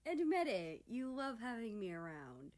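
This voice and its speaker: A man's voice: very high-pitched, sing-song, unhurried, a little mellow, pitched above the performer's own voice, exaggerated voice. A woman voicing a brash, teasing young man, a personified country, who is cocky but flusters easily. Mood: coaxing.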